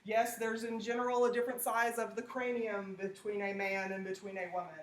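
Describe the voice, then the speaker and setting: A woman's voice: mid-range voice, level tone, fairly quick. A woman lecturing a classroom, talking conversationally and checking in with "okay?". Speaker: teacher.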